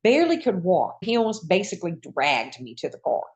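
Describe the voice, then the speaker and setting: A woman, a retired nurse, telling her own patient story in a lively, folksy conversational way. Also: fairly low pitch, fairly quick. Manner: lively, acts out voices in quoted dialogue. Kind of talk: personal storytelling.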